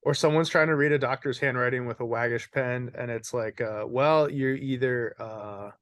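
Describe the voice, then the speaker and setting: Young guy joking around on a pod, rambly stories, laughs a lot, close dry mic, average pitch. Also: a little fast, fairly bright tone, dry recording. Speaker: podcast host. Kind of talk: casual comedy chat.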